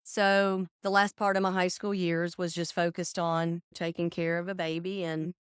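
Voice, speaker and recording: A woman's voice: on the low side, little pitch movement, normal speed, smooth, dry recording, clean studio sound. A woman in her forties, a podcast guest, telling her story in casual chat and acting out what friends said. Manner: chatty, acts out quoted friends.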